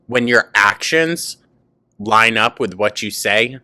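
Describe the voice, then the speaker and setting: A man hosting a reaction commentary, cutting in with quick mocking, sarcastic asides. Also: lowish voice, pushed and bright, no echo. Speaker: commentary host.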